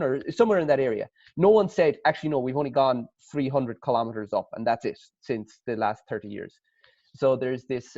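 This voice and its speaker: Irish male panelist, mid pitch, dry dull call audio, musing questioner. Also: warm tone, no echo. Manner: thoughtful, rambling questions with restarts. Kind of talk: casual conversation on a video call.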